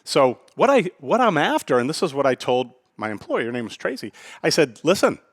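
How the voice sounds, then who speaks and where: A man talks in a casual podcast monologue, blunt and emphatic, circling back to his points and dropping the odd curse. His pitch moves around a lot as he drives each point home. The sound is dry and close, with no room echo. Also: sing-song, a little fast. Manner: blunt, emphatic, repeats himself, swears. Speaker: podcast host and restaurant owner.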